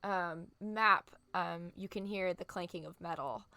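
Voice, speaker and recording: A woman's voice: fairly low pitch, measured pace, sharp tone, dry recording. A woman narrating as game master of a tabletop game, descriptive and full of fillers. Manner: descriptive, filler-heavy, laughs easily.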